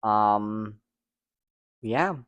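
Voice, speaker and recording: A young man talking fast and candidly in a casual personal vlog, swearing now and then, recorded at home. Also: lowish voice, animated, fairly bright tone, smooth, no echo, highs cut off. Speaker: vlogger.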